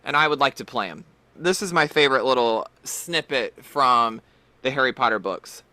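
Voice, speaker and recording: Male podcast host, playful pop-culture chatter, lively bright voice. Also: mid-range voice, moderate pace, no room sound. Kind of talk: casual pop-culture chat.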